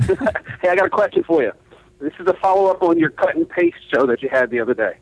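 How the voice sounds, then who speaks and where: Caller guy, kinda high voice bouncing around, dry, friendly. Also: very animated, fast, no room sound, low-quality recording. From Kentucky. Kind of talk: phone call-in question.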